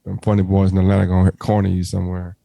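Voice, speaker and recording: A man's voice: sits low, monotone, racing, vocal fry, mellow, no room sound. A man co-hosting a podcast, chatting casually and joking around. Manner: joking, breaks into mocking put-on voices. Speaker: podcast co-host. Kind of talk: casual banter.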